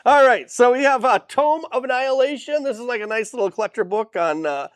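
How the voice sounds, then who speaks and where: Speaking briskly in a very high voice, a man goes over new products on a live stream from his small hobby shop. He's hype-filled and upbeat with goofy asides, and his camera mic, facing a monitor, picks up no room sound.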